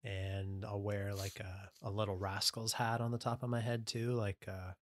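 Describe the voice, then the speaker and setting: A man co-hosting a podcast, teasing and asking questions in relaxed casual chat. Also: on the low side, normal speed, slight background noise. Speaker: podcast co-host.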